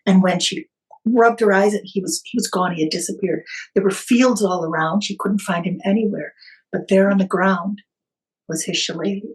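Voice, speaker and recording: A woman podcast guest retelling a family story in conversation, animated, with small hesitations and restarts. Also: medium pitch, moderate pace, low-quality recording.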